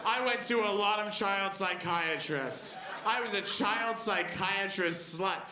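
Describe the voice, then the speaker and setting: A man in his twenties performing a stand-up comedy set on a club stage, telling stories with wry, animated delivery. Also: sits high, takes it slowly. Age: 20s. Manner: wry, animated storytelling with acted-out voices. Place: comedy club stage before a live audience. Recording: echoey club with background noise.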